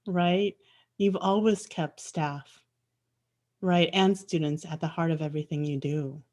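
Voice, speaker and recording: Brief: woman trustee who speaks warmly but rambles and restarts her sentences, on a video call. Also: sits low, fairly even intonation, unhurried. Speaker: school board trustee. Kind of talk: thanks at a virtual board meeting.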